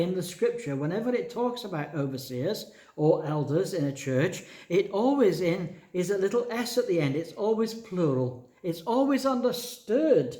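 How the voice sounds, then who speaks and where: A man's voice: on the high side, darkish tone, reverberant. A male pastor preaching a sermon to his church, explaining scripture line by line and asking the congregation questions.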